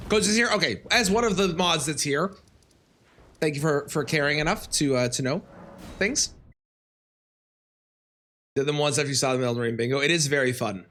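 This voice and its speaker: A man's voice: a little high, brisk, pauses often, a bit bright, a little hiss or hum. A man casually commenting on his live game stream, chatting with viewers and breaking into yelps and exclamations at enemies.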